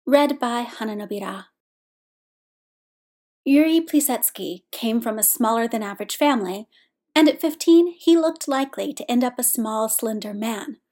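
Brief: woman audiobook reader, a touch high, steady pace. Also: moderate pace. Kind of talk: scripted narration.

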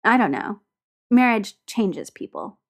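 A woman's voice: medium pitch, very animated, unhurried. A woman voicing a curt, sullen young man. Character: grumpy, resentful young man.

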